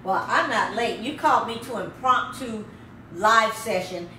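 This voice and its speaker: Dry, slow-talking woman, off-mic. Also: a little high, bright, forceful tone, far from the mic, slight background noise. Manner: dry, unhurried, terse. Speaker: co-host. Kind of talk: casual live-stream chat. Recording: echoey room, off-mic.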